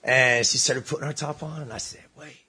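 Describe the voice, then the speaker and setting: A man's voice: mid-range voice, a little fast, husky. A man telling a rowdy story to friends in casual talk, swearing freely and acting out the voices of people in it. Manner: animated, swearing, acts out voices in his stories.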